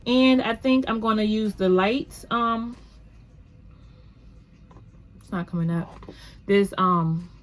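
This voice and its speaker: A woman's voice: mid-range voice, slow pace, pauses often. A woman hosting a casual makeup tutorial at home, chatty and upbeat, rambling a little with fillers as she talks to the camera. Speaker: beauty vlogger.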